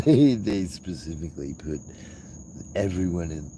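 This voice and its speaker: Deep gravelly man, joking. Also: very animated, measured pace, dark tone, slight background noise, low-quality recording. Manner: joking, teasing, laughs often. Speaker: livestream host. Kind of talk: rambling casual chat.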